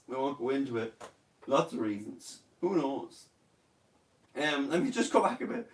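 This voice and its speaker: A man's voice: mid-range voice, sing-song, normal speed, pauses often, echoey room, far from the mic. A man in his thirties with an Irish accent chatting on a live stream, joking and rambling, slipping into silly voices. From Ireland. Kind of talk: casual live-stream chat.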